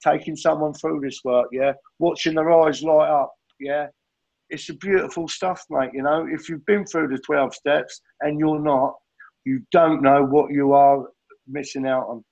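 A man gives an earnest, heartfelt testimony about his recovery at a group meeting and keeps calling his listeners "mate". His voice sits a little high and has a gravelly edge. The recording sounds slightly dull and muffled. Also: steady tone, unhurried, a little mellow. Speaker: recovering addict sharing at a meeting.

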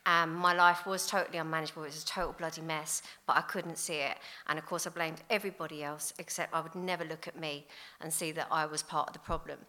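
A woman, giving a candid, blunt recovery testimony in an animated storytelling way. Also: sits low, quick pace. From London. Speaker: recovery speaker. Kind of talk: personal testimony talk.

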